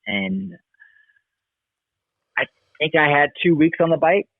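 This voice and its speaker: Here the guest, a man who races and coaches motocross, speaks slowly in a somewhat high, creaky voice, heard on a tinny dry line without echo. It's casual interview storytelling, relaxed and meandering, peppered with fillers.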